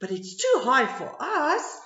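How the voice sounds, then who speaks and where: A woman voicing a group of small foxes looking for a home, with a high, whiny childlike voice, in a storybook reading. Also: huge pitch swings, a little slow, pushed and bright, heavily acted. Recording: roomy, slightly dull home recording.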